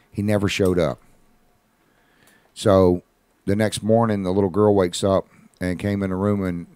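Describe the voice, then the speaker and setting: Man, radio host, folksy storyteller, deep voice, dry studio sound. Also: dry recording. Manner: folksy, conversational, animated retelling with quoted voices.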